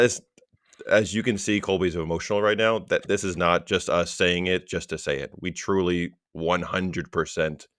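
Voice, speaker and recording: A man co-hosting a podcast, speaking sincerely and encouragingly in a steady way. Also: sits low, no room sound, clean studio sound. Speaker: podcast co-host. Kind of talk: casual podcast talk.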